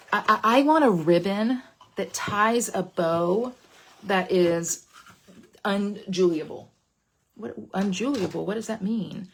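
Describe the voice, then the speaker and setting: A woman leading a casual live papercraft demo, chatty, playful and excitable, often dropping into gushing whispers. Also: on the low side, creaky, slight background noise. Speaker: papercraft demonstrator.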